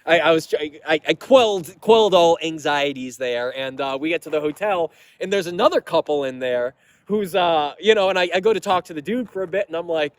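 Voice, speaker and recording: Rambling, cursing young man telling stories. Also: fairly high pitch. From Massachusetts. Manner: rambling, profane, laughing, quick asides. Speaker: metal vlogger. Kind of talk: casual storytelling to camera.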